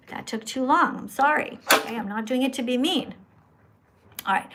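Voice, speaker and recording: A woman hosting a live stream, talking to callers like a teacher who lectures and corrects them. Her voice sits a little high. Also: fairly bright tone. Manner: schoolteacher-like, scolding and instructing; says her own voice is annoying. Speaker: livestream host.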